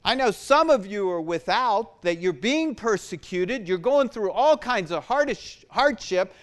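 Guy preaching to his church, smooth clear voice, repeats stuff for emphasis. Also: high-pitched, animated, measured pace. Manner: preaching with rising emphasis, repeats words for stress. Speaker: pastor. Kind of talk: sermon.

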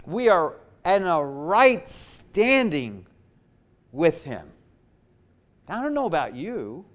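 Slow, emphatic male preacher. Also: on the high side, big pitch swings, fairly bright tone. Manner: slow and emphatic, repeating key phrases. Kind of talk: sermon.

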